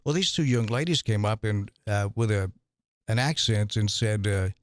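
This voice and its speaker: Man, low voice, halting, restarts often, folksy anecdotes, dry close mic. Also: dry recording. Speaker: mayoral debate candidate. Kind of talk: conversational debate on radio. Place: radio studio.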